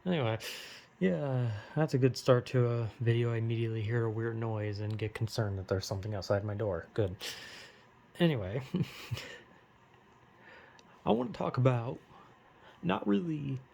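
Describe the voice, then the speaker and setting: A man's voice: medium pitch, moderate pace, vocal fry, pauses often, dark tone, highs cut off, slight background noise. A young man with a general American accent, rambling casually and self-deprecatingly in a monologue vlog. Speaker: vlogger.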